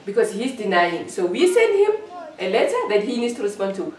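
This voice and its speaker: A woman's voice: mid-range voice, sing-song, fairly quick, noisy background. A woman giving an emotional interview, sounding hurt and accusing, and repeating herself as she talks. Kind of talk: emotional personal testimony. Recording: echoey room, distant mic.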